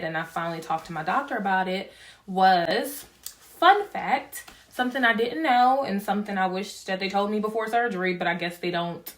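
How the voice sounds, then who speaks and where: A woman's voice: fairly low pitch, fairly bright tone. Young woman vlogger, casual chatty storyteller, acts out dialogue, laughs a lot. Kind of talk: casual chat to camera.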